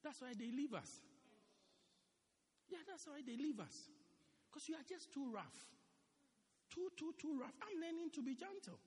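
High-voiced animated male preacher, echoey church. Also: normal speed, pauses often. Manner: animated, repeats phrases for emphasis. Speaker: pastor. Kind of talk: sermon. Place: church hall.

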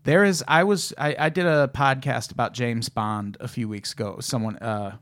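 A man's voice: medium pitch, normal speed, a bit bright. A man, a comedian guest, chatting casually with a wry, swearing manner and telling anecdotes. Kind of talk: casual chat.

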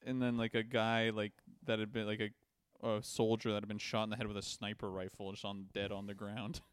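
A man's voice: fairly low pitch, little pitch movement, a little fast, clean tone, no echo, studio quality. A young man co-hosting a podcast in casual chat, rambling and crude, laughing often. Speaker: podcast co-host.

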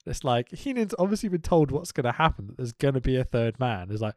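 A man co-hosting a chatty podcast, his pitch leaping around as he gets animated and breaks into laughter. He swears casually and keeps things loose. The sound is close and dry, with no room around it. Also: brisk, hardly any pauses, dry recording. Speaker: podcast co-host. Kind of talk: casual chat.

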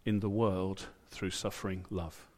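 A man's voice: low voice, little pitch movement, measured pace, a little mellow. A British man preaching a sermon in church, in a conversational way, with asides and quotes he acts out. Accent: British English.

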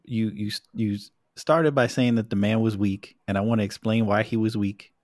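A man with a fairly low voice talks in casual podcast banter, teasing his co-host with a joking manner. The recording is dry and close. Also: fairly even intonation, normal speed, a little mellow, dry recording. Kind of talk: casual chat.

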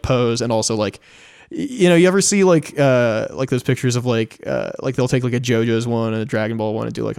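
A man's voice: medium pitch, vocal fry, darkish tone. A young man co-hosting a podcast in casual chat, rambling and profane, laughing often. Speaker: podcast co-host.

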